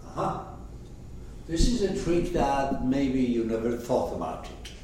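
A man's voice: mid-range voice, lively intonation, unhurried, warm tone, a little hiss or hum. Echoey man explaining a story. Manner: rhetorical questions, checking in with listeners. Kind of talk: lecture commentary. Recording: echoey room, mic far off.

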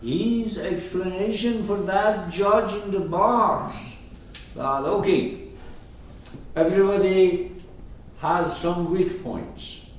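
A man explaining a poem to his class, slow and emphatic, often putting questions to his listeners. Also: sits high, a little hiss or hum. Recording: echoey room, mic far off.

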